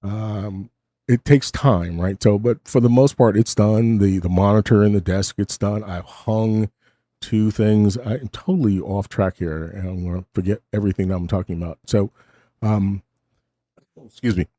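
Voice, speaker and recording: A man's voice: on the low side, normal speed, mellow, dry recording. A middle-aged man hosting a late-night stream from his home studio, rambling casually, cutting himself off with wry asides, sounding short on sleep. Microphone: studio mic with cough button.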